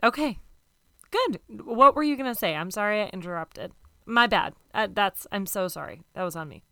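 A woman's voice: medium pitch, lively intonation, moderate pace, pushed and bright, clean tone. A woman in an improvised comedy scene, talking in a hesitant, politely evasive way.

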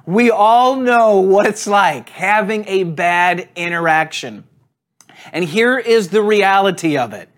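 A male pastor delivers a sermon in a casual, storytelling manner, sitting slightly high in his range. He laughs easily at his own anecdotes. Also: a bit bright. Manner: conversational storytelling, laughs at himself. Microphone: on camera.

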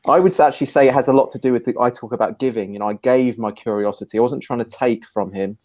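A man's voice: mid-range voice, fast, a little mellow. A man hosting a casual podcast conversation, telling a rambling anecdote and laughing easily. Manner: rambling, laughs easily, many listening hums.

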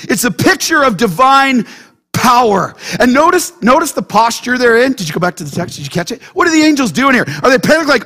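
A man preaching a sermon as pastor, animated and quizzing his congregation with frequent questions. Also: extremely high pitch, brisk. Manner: animated, keeps checking in with the congregation through questions.

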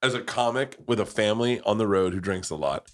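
A man's voice: lowish voice, lively intonation, a little fast. A middle-aged man hosting a podcast, telling stories in a boisterous, profane, casual way. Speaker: podcast host.

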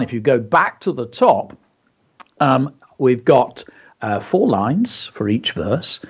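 Man, radio host and writing teacher, enthusiastic explaining, animated pitch, husky, dull lo-fi sound. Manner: enthusiastic, explanatory, many fillers. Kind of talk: instructive radio talk.

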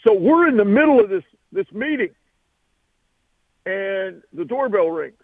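A man, a football coach, telling an animated recruiting story as a radio guest. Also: high-pitched, a little slow, slightly rough, no room sound, narrow, tinny audio. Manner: animated, acts out the voices.

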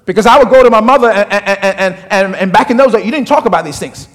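Middle-aged African male pastor, very high voice, humorous storytelling sermon, long reverb of a church hall. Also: fast talker, a bit bright. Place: church sanctuary.

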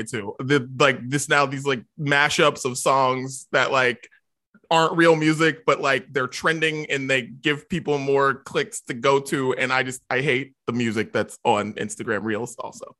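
A man's voice: mid-range voice, unhurried, bright, forceful tone. A man hosting a casual podcast chat, ranting in an exasperated way. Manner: exasperated ranting, laughs often. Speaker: podcast host.

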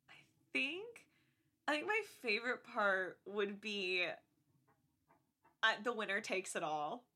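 A woman's voice: very slow, pauses often. A young woman co-hosting a podcast in casual chat, gushing about a movie and acting out lines. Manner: gushing, animated, acts out movie lines in high voices. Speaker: podcast co-host.

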